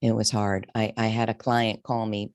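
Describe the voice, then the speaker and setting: A woman's voice: level tone, moderate pace, a little mellow, dry recording. Woman in her fifties, career coach guest, candid emotional storytelling, dry close-miked sound. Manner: candid, emotional, wide swings in pitch. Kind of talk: interview storytelling.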